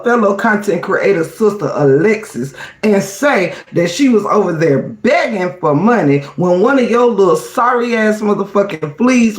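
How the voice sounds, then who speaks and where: Sassy, high-voiced man in an echoey room. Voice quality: sassy, emphatic, calls listeners honey and girl. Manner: reads chat aloud and greets viewers. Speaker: livestream host. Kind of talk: casual livestream commentary.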